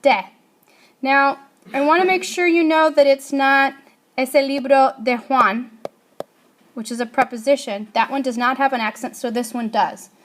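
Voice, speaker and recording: A woman's voice: high-pitched, fairly even intonation, unhurried. A woman teaching a Spanish grammar lesson, asking her class questions and answering them herself.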